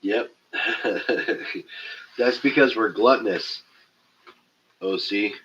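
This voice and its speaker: A man's voice: on the low side, very slow, a bit bright. A man with a stuffy nose hosting a casual live stream, joking loosely, swearing freely and reading out viewer comments. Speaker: livestream host. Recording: dull lo-fi stream audio.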